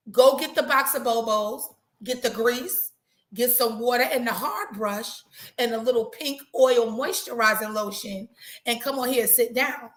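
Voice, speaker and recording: Chatty woman hosting a live talk, high bright voice, lots of repeats, echoey room. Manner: animated, chatty, repeats herself for emphasis. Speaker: host.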